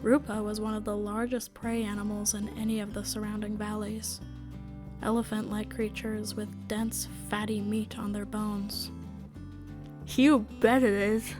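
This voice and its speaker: A woman narrating a story in a steady, measured way. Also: medium pitch. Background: faint music.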